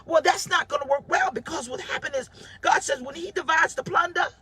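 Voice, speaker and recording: Woman pastor in her 40s, very high voice, bright and sharp tone, animated sermon, calls out viewers. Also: fairly quick. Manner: animated preaching, shouting out viewers by name. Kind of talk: sermon on a livestream.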